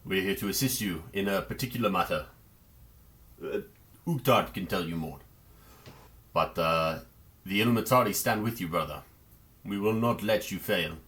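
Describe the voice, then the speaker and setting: A man voicing a steady, loyal male knight who talks low, quiet and solemn. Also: normal speed, long pauses.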